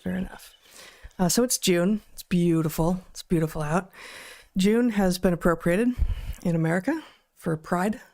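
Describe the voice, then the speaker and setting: A woman co-hosting a podcast, talking casually with a dry, wry manner that is a bit halting at times, and reading sponsor ads. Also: lowish voice, a little mellow. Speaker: podcast co-host. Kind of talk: casual chat and read ad.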